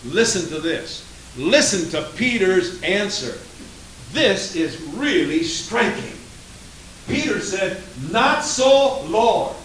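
A man preaching a sermon in a dramatic manner, swinging from loud to hushed, recorded in an echoey hall from far off. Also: high voice, big pitch swings, slow pace, a little hiss or hum.

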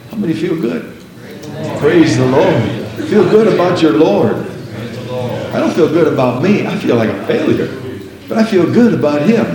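An older man preaching a sermon, breaking into drawn-out, half-sung prayers and praises between his teaching. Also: on the high side, expressive, heavy reverb, crowd noise, low-quality recording.

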